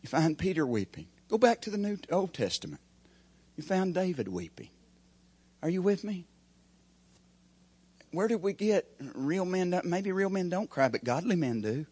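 A man preaching a sermon, asking the congregation questions and swinging between loud emphasis and quiet asides. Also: high-pitched, sing-song, moderate pace, pauses often, slightly rough. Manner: call-and-response preaching, rising and falling emphasis.

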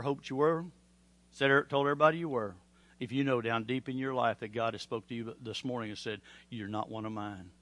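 Bright-voiced preacher, hushed then loud. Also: male voice, mid-range voice. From Oklahoma. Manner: swings from hushed pleading to loud storytelling. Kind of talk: sermon with altar call and personal story.

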